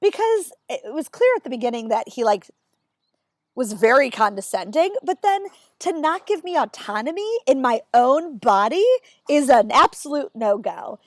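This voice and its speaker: A woman's voice: high voice, sing-song, moderate pace, no room sound. A woman in her thirties telling stories to camera in a candid, exasperated way, acting out the lines she quotes. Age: 30s. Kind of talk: casual storytelling to camera.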